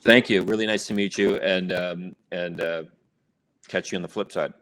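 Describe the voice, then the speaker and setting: Deep guy hosting a show, kinda halting, lots of um and uh, chill chat. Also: steady tone, background noise. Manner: halting, thoughtful, many fillers. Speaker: show host. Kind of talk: casual interview chat.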